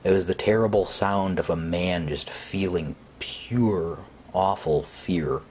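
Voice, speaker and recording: Deep, slow, hesitant male horror narrator. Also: a little mellow, a little hiss or hum. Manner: hesitant, conversational, with fillers. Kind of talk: first-person horror narration.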